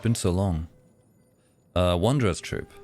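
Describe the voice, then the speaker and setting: A man chatting casually with viewers on a game live stream, lively and playful, slipping into voices for fun. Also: deep voice, measured pace, soft background music.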